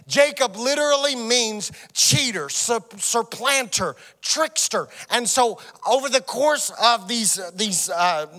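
A man's voice: very high voice, animated, slow pace, few pauses, bright, forceful tone, in a large hall. A man preaching a sermon as pastor, leading a song and reading scripture to his congregation. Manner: leads congregation song, reads scripture aloud. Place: church sanctuary.

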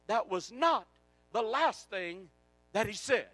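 A man preaching a sermon, swinging from hushed passages to shouted climaxes. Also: very high voice, expressive, measured pace, dry recording, rough recording.

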